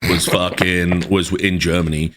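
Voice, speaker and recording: A man's voice: deep voice, little pitch movement, a little slow, a bit bright. A man, a journalist guest, telling laid-back, profane stories in a casual chat.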